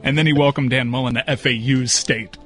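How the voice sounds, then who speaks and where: A man's voice: medium pitch, fairly even intonation, brisk, a bit bright, faint music behind. Wisecracking male radio co-host. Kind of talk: casual sports radio banter.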